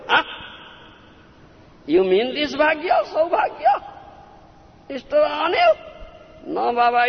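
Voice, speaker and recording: A man, a spiritual teacher giving a devotional discourse, who keeps prompting his listeners with "Huh?" and "Understand?". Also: very high-pitched. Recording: lo-fi recording in a reverberant hall.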